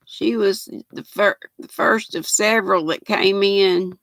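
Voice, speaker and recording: A woman's voice: medium pitch, fairly even intonation, measured pace, vocal fry, hardly any pauses, a bit bright, dry recording. An older woman with a Southern US accent, hosting a casual live crafting stream, reading viewer comments and greeting them by name in a folksy, affectionate way. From Southern United States.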